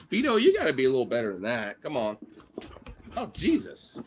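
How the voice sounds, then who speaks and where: A man streaming live while playing with his pets, excitable, coaxing and teasing them and swearing a lot. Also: medium pitch, fairly quick, a little hiss or hum. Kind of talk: casual live-stream chat.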